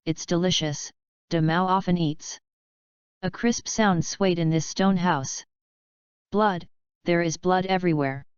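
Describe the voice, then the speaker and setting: A woman narrating a fanfiction audiobook in a flat, even reading, with a dull lo-fi sound. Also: fairly low pitch, clean tone, no echo. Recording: dull lo-fi dry recording.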